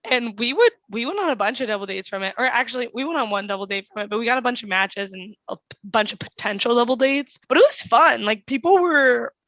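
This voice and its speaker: A woman's voice: fairly high pitch, animated, quick pace, hardly any pauses, fairly bright tone, no echo, highs cut off. A young woman hosting a casual podcast chat, blunt and dry, teasing her guest. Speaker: podcast host.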